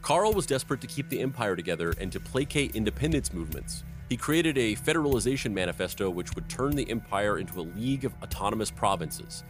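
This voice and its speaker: Low-voiced man narrating history over music. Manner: reads history then riffs with silly tangents. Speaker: host and narrator. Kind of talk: history podcast narration with banter.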